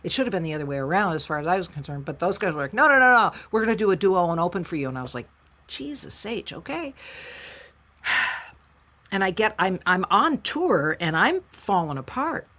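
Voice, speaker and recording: A middle-aged woman from the United States, a singer-songwriter telling her story as an interview guest in a frank, emotional, animated way. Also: lowish voice, fast. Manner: frank, emotional, animated retelling with quoted voices. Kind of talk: candid conversational storytelling.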